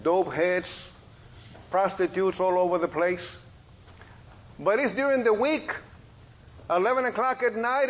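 A middle-aged man, a preacher and police officer, telling a testimony in a sermon as a folksy story with lively quoted dialogue. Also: high voice, rough recording.

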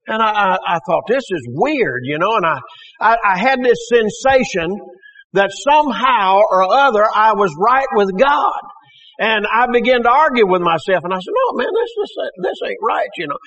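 A man's voice: high voice, animated, moderate pace, a bit bright. A man giving a church testimony, telling his story in a folksy way and acting out the voices of people he quotes. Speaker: testimony speaker. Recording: dull lo-fi recording.

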